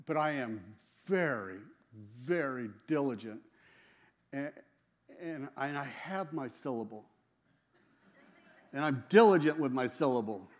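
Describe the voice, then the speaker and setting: A man sharing a personal religious testimony in a casual, storytelling way, emphatic and quick to laugh, often repeating and restarting his phrases. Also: fairly high pitch.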